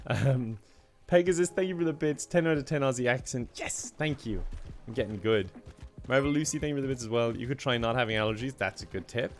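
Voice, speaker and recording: Chatty man with a gravelly voice. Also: mid-range voice, a little fast, hardly any pauses. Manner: chatty, laughs often, reads out donations. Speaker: streamer. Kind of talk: casual live-stream chat while gaming.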